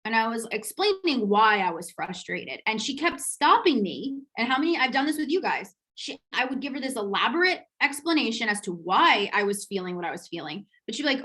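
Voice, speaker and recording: A woman hosting a podcast, telling a personal story in a candid, lively way, swearing casually and laughing as she retells it. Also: fairly high pitch, moderate pace, low-quality recording. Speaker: podcast host.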